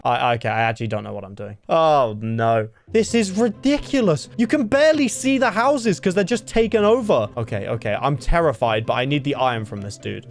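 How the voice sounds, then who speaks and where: A man hosting a Minecraft challenge video, commenting excitedly and often yelping in panic. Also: on the high side, brisk, hardly any pauses, soft background music. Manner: excitable, jumping from calm remarks to panicked yelps. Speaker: gaming video host.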